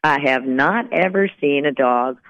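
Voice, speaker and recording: A woman's voice: sits low, a little slow. Chatty woman host on a tinny line. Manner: lively, conversational, lightly joking. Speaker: radio show host and dog trainer. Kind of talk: radio talk show monologue. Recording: tinny phone-like radio line.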